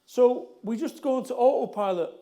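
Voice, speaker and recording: A man's voice: extremely high pitch, moderate pace, warm tone. A middle-aged man with a Mancunian accent, giving a blunt, jokey motivational talk to a live audience and repeating lines for emphasis. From Salford, England. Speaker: motivational speaker.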